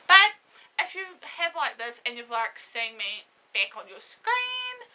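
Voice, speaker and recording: A young woman, seated, tells a personal story to her camera in a casual story-time vlog, her voice fairly high and sharply bright. She's very animated yet emotional and halting, pausing and restarting as she fights tears. The camera-mic recording is rough.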